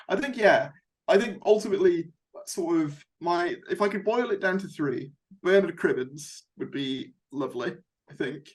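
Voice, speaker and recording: A man's voice: sits high, animated, moderate pace. Chatty young man, fan host. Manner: chatty, rambling with fillers. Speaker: YouTube host. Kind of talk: casual fan discussion.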